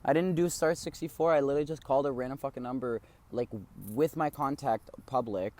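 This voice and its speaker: A teenage young man co-hosts a podcast, chatting casually and rambling, swearing freely and acting out voices of people in his anecdotes. His medium-pitched voice is brisk, and the background is noisy.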